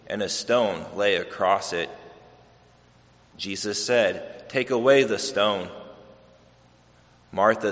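A man reading the gospel aloud at a church service in a measured, solemn way. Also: fairly low pitch, fairly bright tone. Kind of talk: liturgical scripture reading. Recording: long church reverb.

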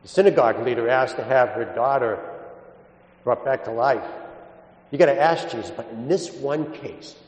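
A man's voice: medium pitch, moderate pace, a little mellow. Man preaching in an echoey church. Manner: folksy storyteller, mixes personal anecdotes with scripture. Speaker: Catholic priest or deacon. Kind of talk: gospel reading and homily. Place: large church. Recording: echoey church with long reverb.

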